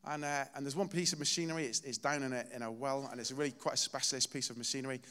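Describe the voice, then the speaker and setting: In a church, a male preacher gives a relaxed, conversational sermon at a rapid-fire pace, mixing personal stories with gentle self-deprecating humor. His ordinary mid-pitched voice rings with a long hall reverb.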